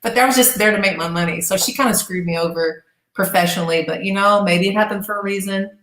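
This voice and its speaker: Woman, middle-aged, interview guest, casual profane storytelling, medium pitch, echoey room. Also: fast talker, a bit bright. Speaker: interview guest, former gladiator.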